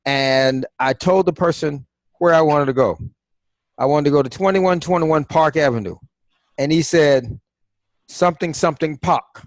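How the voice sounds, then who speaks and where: A man's voice: a little high, moderate pace, no echo. A man teaching an online class over a video call, quizzing and coaxing his students in a conversational way.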